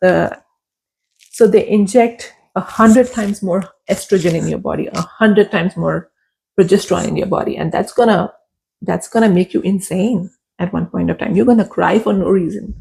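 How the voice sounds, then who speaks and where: A woman's voice: mid-range voice, moderate pace, gravelly, a little mellow, breathy edge. A young adult woman, a podcast guest, telling her personal story candidly and emotionally, repeating phrases for emphasis.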